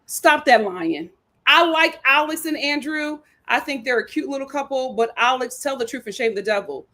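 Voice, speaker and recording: A woman's voice: high-pitched, normal speed. A young woman, retelling a reality show episode as host in casual, sassy commentary. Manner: animated storytelling with sassy asides.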